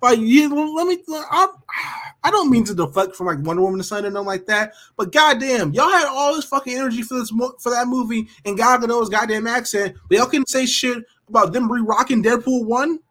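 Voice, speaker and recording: A man's voice: extremely high pitch, a little fast, fairly bright tone. A man co-hosting a podcast, talking in emphatic, profane, slangy casual banter. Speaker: podcast co-host.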